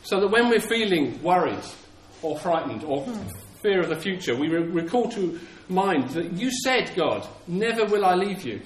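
A man's voice: on the high side, very animated, moderate pace, few pauses, slight background noise. A man preaching a sermon in an earnest way, often repeating words and acting out the lines he quotes. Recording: echoey room with faint ambience.

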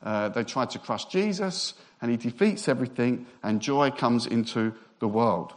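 A man preaching a sermon, lively and joking, sometimes speeding up as he gets excited. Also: mid-range voice, moderate pace.

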